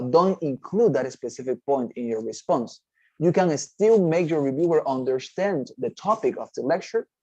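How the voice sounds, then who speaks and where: A man with a mid-range, dark-toned voice is heard in a dry recording with the highs cut off. He's a TOEFL teacher in a recorded class lecture, walking through test prep step by step, often checking in with "okay?" and restarting phrases.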